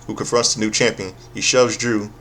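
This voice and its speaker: A man's voice: fairly low pitch, flat delivery, brisk, fairly bright tone, slight background noise. A man giving a casual, profane, sarcastic recap of a wrestling show, often stopping and restarting his sentences.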